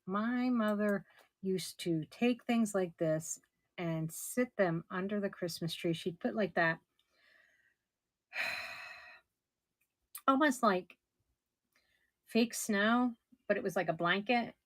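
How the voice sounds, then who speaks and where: A middle-aged woman running a casual live auction, chatty and somewhat hoarse as she loses her voice. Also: medium pitch, takes it slowly, pauses often, no echo. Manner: chatty, describes items warmly with soft laughs. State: losing her voice. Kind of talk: casual live-stream selling.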